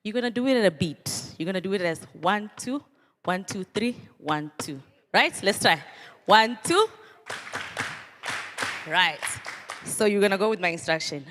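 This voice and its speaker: A woman's voice: mid-range voice, animated, normal speed, pauses often, a bit bright, big-room sound, some chatter behind, slight background noise. Rousing woman leading chants. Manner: call-and-response chants, rousing and upbeat. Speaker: social development official addressing students. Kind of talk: motivational speech to a youth crowd.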